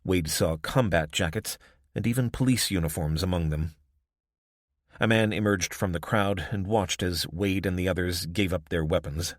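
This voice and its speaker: Reading a scripted audiobook at normal speed, this male narrator has a deep voice, captured in a dry, studio-quality recording.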